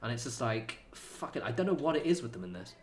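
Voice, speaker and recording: A man's voice: medium pitch, big pitch swings, fast, a little hiss or hum. A man streaming a game, chatting casually in a rambling, sweary way with lots of fillers. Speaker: gaming streamer. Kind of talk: casual chat while playing.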